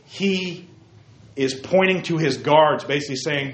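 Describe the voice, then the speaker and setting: A man teaching a Bible study to a group in an animated, emphatic way, heard in a roomy, dull lo-fi recording. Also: fairly high pitch, a little slow.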